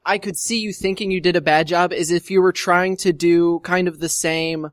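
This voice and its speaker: A man's voice: high-pitched, steady tone, moderate pace, dry recording, studio quality. A man on a casual radio talk show panel, joking and teasing the host.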